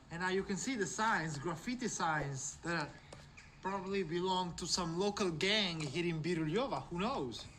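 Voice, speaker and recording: A man's voice: high voice, bright, forceful tone, slight background noise. A man walking and filming outdoors in a city neighborhood, narrating his travel vlog in a wry, mock-dramatic way. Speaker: travel YouTuber.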